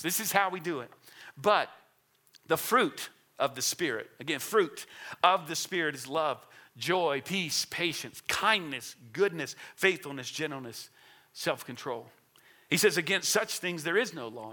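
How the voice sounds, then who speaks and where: A man's voice: fairly high pitch, sharp tone. A middle-aged man preaching a sermon in a church, earnest and emphatic, often repeating words as he builds a point. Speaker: pastor.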